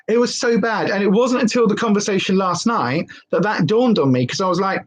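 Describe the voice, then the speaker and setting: A woman's voice: medium pitch, lively intonation, fairly quick, hardly any pauses. A woman vlogger rambling candidly in a casual live-stream chat.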